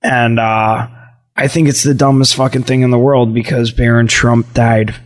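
A man's voice: medium pitch, little pitch movement, moderate pace. A man co-hosting a podcast, ranting in crude casual banter and laughing often. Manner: profane, laughs often, rants. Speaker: podcast co-host.

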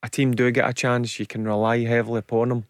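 Emphatic Scottish football pundit. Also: male voice, medium pitch, little pitch movement, fast talker, dry recording, studio quality. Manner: plain-spoken, emphatic, repeats for stress. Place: radio studio.

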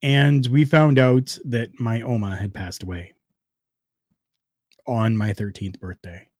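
Animated male podcast host, dry close mic. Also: mid-range voice, takes it slowly, no echo. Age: adult, former wrestler. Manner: animated and heartfelt, swings between loud bursts and quiet asides. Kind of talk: casual podcast talk.

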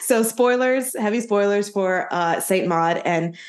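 A woman's voice: mid-range voice, a little slow, echoey room. Bubbly, giggly woman podcast co-host. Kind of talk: casual podcast chat.

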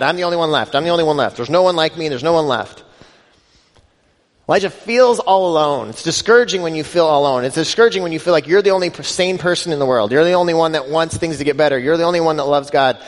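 A male pastor giving a conversational sermon, building emphasis and acting out scripture quotes. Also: fairly high pitch. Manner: conversational preaching, rising emphasis, quoting scripture in voices. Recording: long hall reverb.

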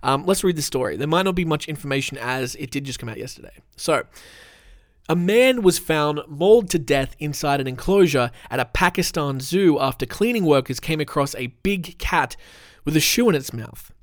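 A man's voice: fairly high pitch, animated, moderate pace, no echo, studio quality. A man hosting a podcast, chatting casually and reading news aloud, rambling and swearing with many ums, from a room at home. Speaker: podcast host. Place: room at home with the window open.

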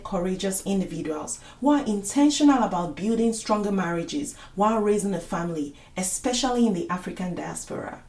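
A woman's voice: medium pitch, a little mellow. A woman hosting a podcast, reading a scripted, inviting outro. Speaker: podcast host. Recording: echoey room.

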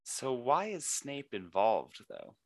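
A man's voice: medium pitch, wildly swooping pitch, takes it slowly, darkish tone, no echo. A man in his twenties making offhand, chuckling asides in casual chat. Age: 20s. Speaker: listener on a podcast.

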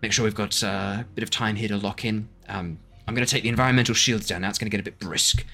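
A man's voice: fairly low pitch, fairly even intonation, quick pace, vocal fry, pushed and bright, soft background music, full character voice. A man voicing a polite but commanding ship captain who gives courteous orders. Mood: brisk. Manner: courteous, bossy.

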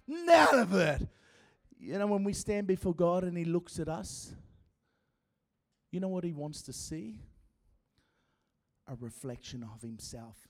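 A man preaching a sermon with an accent, swinging between loud shouting and hushed, dramatic passages. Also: high voice, no room sound, studio quality. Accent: non-American.

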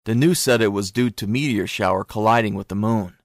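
A man narrating an audiobook in a steady, even storytelling manner. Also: on the low side, fairly quick, dry recording, clean studio sound.

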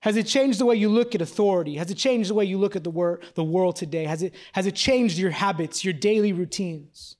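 A man's voice: high voice, fairly quick, hardly any pauses, darkish tone. A man in his thirties preaching a sermon. He talks casually and jokingly, full of "like" and restarts, then builds to pressing repeated questions. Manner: casual, joking, confessional, with many fillers and restarts. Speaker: pastor.

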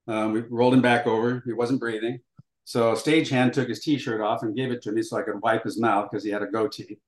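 A man's voice: mid-range voice, level tone, fairly quick. Older man telling a story in a roomy space. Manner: vivid storyteller who acts out dialogue, with frequent fillers. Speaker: interview guest. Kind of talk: storytelling in a conversational interview. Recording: roomy echo.

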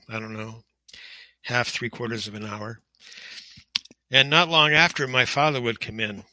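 Older man, tense bright voice, emotional. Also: medium pitch, no room sound, low-quality recording. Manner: emotional, halting with frequent fillers. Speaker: interview guest. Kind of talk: personal testimony in an interview.

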